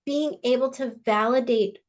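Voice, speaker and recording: A woman guest on a podcast telling a personal story casually, animated, with frequent fillers and restarts. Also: on the high side, moderate pace, highs cut off, a little hiss or hum. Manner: animated, says "like" often, restarts words.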